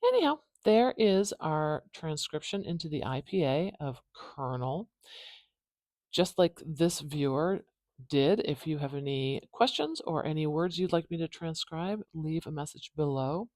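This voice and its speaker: A woman with a North American accent hosting a phonetics lesson, explaining clearly and modeling pronunciations aloud. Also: deep voice, animated, a little slow, a little mellow, no room sound, studio quality. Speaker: phonetics teacher, channel host.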